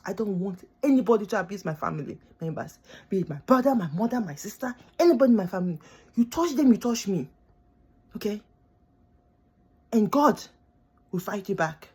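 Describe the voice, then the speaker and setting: A woman's voice: fairly low pitch, dark tone, slightly rough. A young woman, a student born abroad, venting in an impassioned, pleading rant to camera, repeating herself for emphasis. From born outside the country she lives in. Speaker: vlogger. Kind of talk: emotional direct-to-camera rant.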